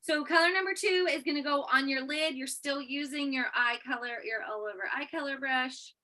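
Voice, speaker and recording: A woman's voice: sits high, a little fast, bright, forceful tone. A woman co-hosting a casual makeup tutorial, explaining each step in an upbeat, instructive way. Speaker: co-host.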